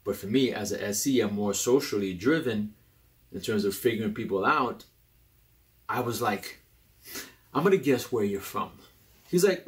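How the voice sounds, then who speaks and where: A young adult man hosting a casual talk about personality types, animated and rambling, often restarting his sentences. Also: a little fast. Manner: animated and rambling, with many restarts and sudden jumps in pitch. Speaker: host.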